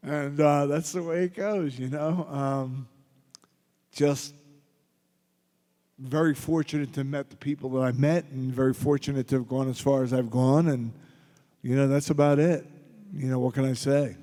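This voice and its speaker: Middle-aged man, convention panel guest, dark mellow tone, loose storytelling to a crowd, heard with long hall reverb. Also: mid-range voice, fairly even intonation, measured pace, long pauses. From Philadelphia. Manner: gruff, joking anecdotes addressed to the crowd. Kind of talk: audience Q&A storytelling.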